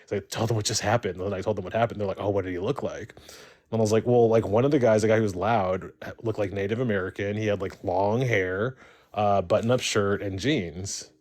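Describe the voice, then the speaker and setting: A man's voice: fairly low pitch, fairly even intonation, brisk, darkish tone. A man calling in to a live stream, telling a personal story in a casual, rambling way, full of "like" fillers. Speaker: caller.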